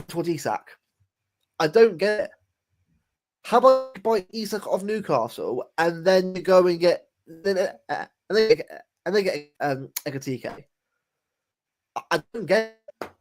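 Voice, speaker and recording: A man co-hosting a casual football chat podcast, rambling, repeating words and dropping "mate" often. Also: a little high. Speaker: podcast co-host.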